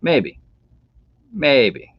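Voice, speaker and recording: A man's voice: mid-range voice, extremely slow, vocal fry, slightly rough. Chatty man hosting a live stream. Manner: relaxed, rambling, chatty. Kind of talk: casual live stream chat. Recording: dull dry home mic sound.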